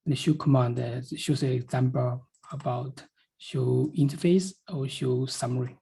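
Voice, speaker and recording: Slow gravelly man presenting a design. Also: mid-range voice, fairly even intonation, mellow, a little hiss or hum, rough recording. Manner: halting, with many restarts and fillers. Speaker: feature presenter. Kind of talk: technical meeting presentation. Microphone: video call.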